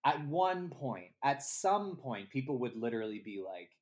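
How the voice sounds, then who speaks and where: Podcast co-host, casual film review chat, animated, mid-pitched voice, acts out scenes. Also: normal speed, few pauses.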